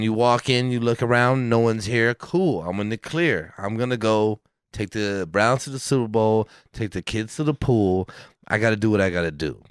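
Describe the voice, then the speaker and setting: A man's voice: medium pitch, smooth, no room sound, studio quality. A man co-hosting a podcast in casual chat, telling long rambling stories with plenty of swearing and acted-out quotes. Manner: profane, rambling storyteller who acts out quotes. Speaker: podcast co-host.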